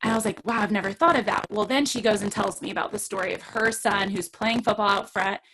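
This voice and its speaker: A middle-aged woman hosting a podcast tells a story in casual chat, animatedly acting out the voices of the people in it. She talks fast at medium pitch over a noisy background.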